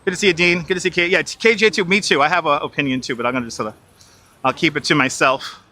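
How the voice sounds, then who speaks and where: A high-pitched man, his voice very bright and cutting. He narrates a walk through crowded outdoor streets in a casual, swearing, exasperated running commentary, recorded on a wireless lapel mic. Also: fast talker. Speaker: live streamer walking the city. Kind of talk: casual live-stream commentary. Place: busy city streets outdoors.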